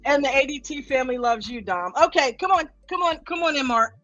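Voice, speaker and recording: A woman's voice: high-pitched, lively intonation, a little fast, fairly bright tone, no echo, soft background music. Upbeat woman hosting a live stream. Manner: upbeat, greets viewers by name. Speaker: livestream host. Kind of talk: casual live stream chat. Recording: dull, lo-fi stream audio.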